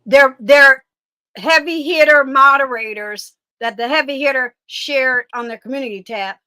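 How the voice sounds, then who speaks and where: High, bright-voiced woman, blunt and animated. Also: moderate pace, clear, resonant tone, dry recording. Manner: blunt, animated, profane streaming talk. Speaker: guest commentator. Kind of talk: casual chat.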